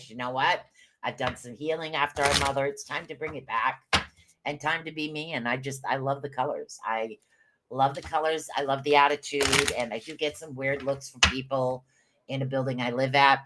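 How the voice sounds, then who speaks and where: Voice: medium pitch, very noisy. Chatty rambling live-stream rune reader. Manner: chatty and rambling, calls viewers by name. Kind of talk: casual live-stream reading.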